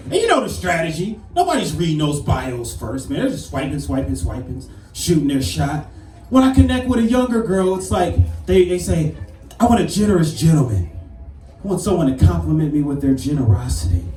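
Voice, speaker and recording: A man in his thirties doing a brash, animated stand-up comedy set on a club stage. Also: high voice. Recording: roomy club sound from a distance. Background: audience laughter.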